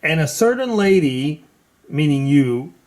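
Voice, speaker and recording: A man's voice: on the high side, very animated, unhurried, a little mellow. A man hosting a casual video chat, talking hesitantly with many fillers. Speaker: host.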